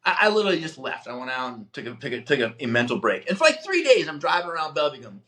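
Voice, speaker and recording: Animated, upbeat male motivational host. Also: a little high, rapid-fire. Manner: emphatic, animated coaching, acts out quotes. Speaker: podcast host. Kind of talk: motivational talk.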